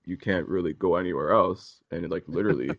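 A man co-hosting a casual podcast chat, profane and animated, quick to laugh. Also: sits low, vocal fry, highs cut off. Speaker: podcast co-host.

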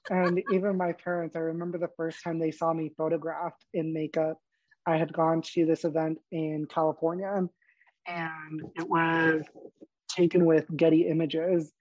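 This young man, a guest on a podcast, tells personal stories openly and with animation, often laughing and voicing the dialogue himself. His slightly high voice takes an unhurried pace, in a muffled recording without room sound.

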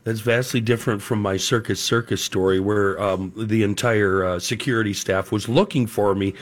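A man's voice: on the low side, steady tone, moderate pace. A man in casual chat as a co-host, making wry, dry remarks.

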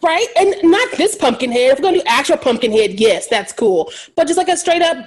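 A woman co-hosting a podcast, recapping a movie in casual chat with sarcastic, animated jokes and frequent laughter. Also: high voice, a little fast. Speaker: podcast co-host.

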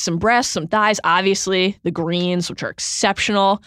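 A woman's voice: mid-range voice, sing-song, fairly quick, hardly any pauses, a bit bright, no room sound, studio quality. A woman guest talking enthusiastically and chattily about food. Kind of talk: casual chat.

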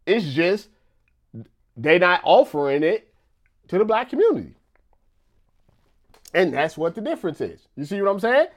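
A man's voice: high-pitched, big pitch swings, normal speed, long pauses. Rambling man chatting on a live stream. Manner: loose and conversational, stacks up "you know" and repeats himself. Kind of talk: casual live-stream chat.

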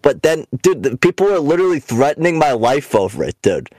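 A man's voice: fairly high pitch, very animated, a little fast, darkish tone, no echo. Profane, ranting young podcast host man. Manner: profane, rambling storyteller; mocking, ranting. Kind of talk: casual podcast chat.

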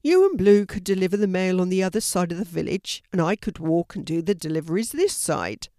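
A woman's voice: fairly low pitch, animated, fairly quick, dark tone, no room sound, clean studio sound. A woman voicing a friendly, slightly flustered village postman in a storybook reading. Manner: friendly, puzzled, grateful. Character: kindly village postman, grown man, a bit flustered.

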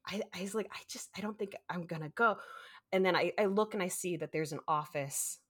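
A woman's voice: fairly low pitch, a little fast, a bit bright, husky. A woman co-hosting a podcast, casually telling a long story, acting out quotes and laughing often. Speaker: podcast co-host.

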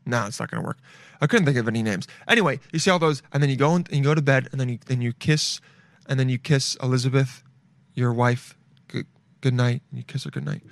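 A man's voice: medium pitch, fast, no echo. A young man riffing comedically in a crude, rambling way, swearing and drifting into goofy tangents. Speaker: comedic commentator.

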